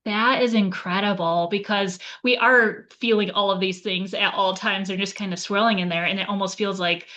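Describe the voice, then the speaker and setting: A woman's voice: mid-range voice, fairly even intonation, normal speed, hardly any pauses, pushed and bright, muffled recording. A woman hosting an interview podcast, affirming her guest and then posing questions in an encouraging way. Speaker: podcast host. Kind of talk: conversational interview.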